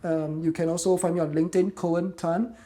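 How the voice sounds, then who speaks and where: Animated male storyteller. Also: a little high, a little fast. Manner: animated storyteller, self-deprecating humour. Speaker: guest speaker and trainer. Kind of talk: conversational storytelling.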